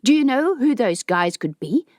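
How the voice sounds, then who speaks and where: A woman's voice: fairly high pitch, big pitch swings, moderate pace, a little mellow, no room sound, studio quality, pitched above the performer's own voice. A woman voicing a wary, determined young woman who speaks in earnest questions.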